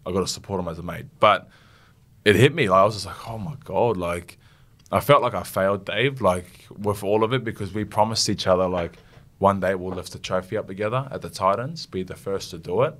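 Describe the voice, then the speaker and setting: A young Australian man, a rugby league captain, talking earnestly and haltingly in an interview, getting emotional. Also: deep voice, a bit bright. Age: young adult. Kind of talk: casual interview.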